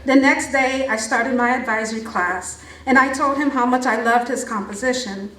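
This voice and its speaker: Woman speaking warmly from far off. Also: on the high side, normal speed. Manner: heartfelt, laughs often. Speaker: teacher introducing a student. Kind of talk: prepared speech at an event. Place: large library event hall. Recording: echoey room from far off.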